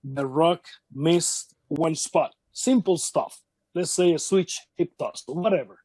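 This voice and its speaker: Man with a high voice telling wrestling stories. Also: dark tone, breathy edge, no echo. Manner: halting, repeats words, acts out quotes of others. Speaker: wrestling veteran interviewee. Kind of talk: casual shoot interview storytelling.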